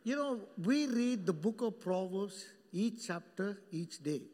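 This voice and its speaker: A male pastor preaching a sermon, animated and joking with the congregation by name. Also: sits high, measured pace, long reverb tail, slight background noise. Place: church hall.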